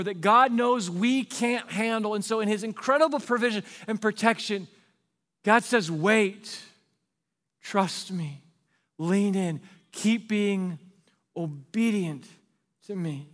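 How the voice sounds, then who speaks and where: A man's voice: high-pitched, a bit bright, in a large hall. A male pastor preaching a sermon in an earnest, pleading way, repeating rhetorical questions to the congregation.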